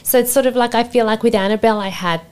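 A woman's voice: a little high, rapid-fire, smooth. A woman in her forties from Sydney with an Australian accent, a podcast guest talking candidly, reflective and rambling with many fillers. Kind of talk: candid conversational interview.

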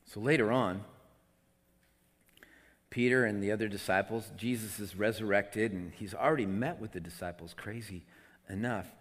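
A man preaching a sermon, swinging between loud, emotional outbursts and quiet, conversational asides. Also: lowish voice, moderate pace, pauses often. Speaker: pastor. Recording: long hall reverb.

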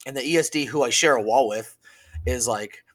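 A man co-hosting a podcast in loose, casual chat. He rambles, swears freely and sometimes trails off before finishing a thought. His voice sits at an ordinary middle pitch. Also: fairly quick, a bit bright, slight background noise. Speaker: podcast co-host.

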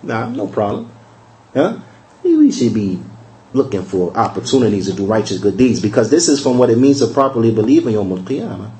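A man giving a recorded religious lesson in a conversational way. He repeats key phrases, asks rhetorical questions, and slows down to spell out verses. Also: fairly low pitch, very animated, warm tone, low-quality recording. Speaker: religious teacher.

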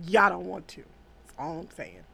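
A woman's voice: fairly low pitch, normal speed, gravelly, bright, forceful tone, slightly rough. A woman hosting a podcast, chatting casually and bluntly, cursing and laughing as she reads listener comments. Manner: blunt, profane, laughs a lot. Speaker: podcast host.

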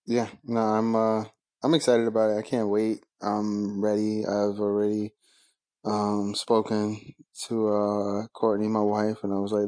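A man's voice: lowish voice, completely flat delivery, measured pace, warm tone. A man co-hosting a podcast, chatting in a loose, laid-back way and laughing often. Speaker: podcast co-host. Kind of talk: casual chat.

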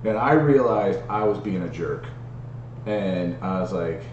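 A man candidly telling a personal story in casual podcast chat, animated and full of restarts. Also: low voice, normal speed, reverberant, distant mic, dull audio, a little hiss or hum. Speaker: podcast co-host.

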